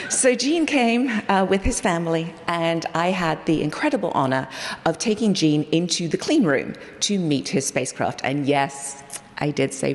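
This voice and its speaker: A woman scientist giving a memorial tribute, telling stories animatedly with quoted dialogue. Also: on the low side. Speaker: project scientist sharing memories. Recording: long hall reverb.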